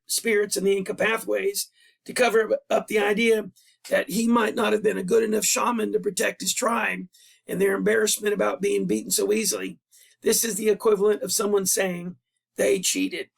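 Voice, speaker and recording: A man, a history teacher, explains a writing assignment and how he grades it. He speaks in a plain, patient way with casual asides, and his voice is hoarse and worn out after a long day. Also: high-pitched, level tone, normal speed. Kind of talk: recorded classroom lesson over a screen. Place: at a computer, voice-over.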